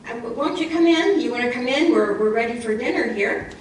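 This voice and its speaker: A patient, hardworking mother who asks for help in a gentle way, played by a woman telling a children's story. She sounds distant, with heavy echo. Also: a little high, animated, a little fast, a little hiss or hum, voice pushed up, close to an everyday voice. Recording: echoey church hall from far off.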